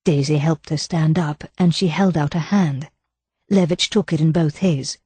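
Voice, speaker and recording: Woman audiobook narrator, low pitch, mellow tone, dry studio sound. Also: moderate pace, slightly rough, dry recording. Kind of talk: scripted narration.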